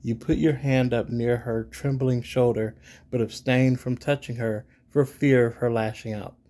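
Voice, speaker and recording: A man reading an interactive fantasy gamebook aloud at a measured pace and thinking his choices through casually, recorded at home. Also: medium pitch, steady tone, mellow. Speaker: gamebook narrator and player.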